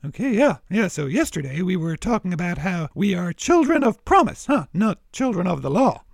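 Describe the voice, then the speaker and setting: A man doing a high chirpy cow. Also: very animated, moderate pace, vocal fry, no room sound, clean studio sound, heavily acted. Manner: chirpy, eager questions. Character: friendly curious male cow.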